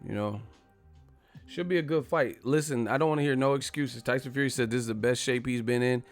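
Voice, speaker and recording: A man's voice: mid-range voice, brisk, soft background music. A man hosting a casual boxing live stream, talking loosely and profanely and reading out viewer messages. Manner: laid-back, profane, reads viewer messages.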